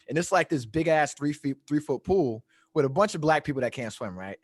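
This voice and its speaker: A man telling a long story in casual chat, animated and profane, often laughing at his own tale. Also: a little high, a little fast, no echo, studio quality. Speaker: podcast storyteller.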